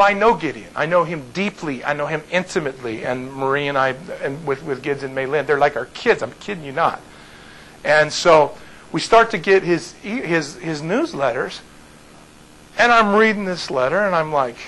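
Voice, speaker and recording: A male pastor telling a story to his congregation in an animated way, often restarting and repeating words. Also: fairly high pitch, rough recording.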